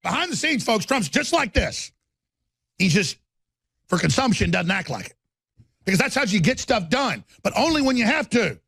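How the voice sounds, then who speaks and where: A man's voice: sits high, big pitch swings, moderate pace, gravelly, pauses often, a bit bright, slightly rough, no echo. A man hosting a talk show, delivering a rambling, impassioned monologue into a studio microphone.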